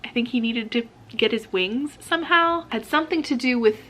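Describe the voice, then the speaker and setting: A woman's voice: fairly high pitch, moderate pace, a bit bright. An American woman hosting her own vlog, chatting casually with friendly asides to viewers. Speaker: vlogger host.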